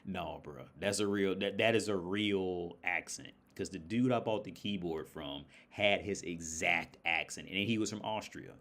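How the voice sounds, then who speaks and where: An American man talks in a loose, rambling livestream chat, full of swearing and laughs. His voice sits on the lower side. The delivery is casual and unscripted. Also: normal speed, few pauses, a bit bright. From United States. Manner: rambling, profane, laughs often. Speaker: livestream host.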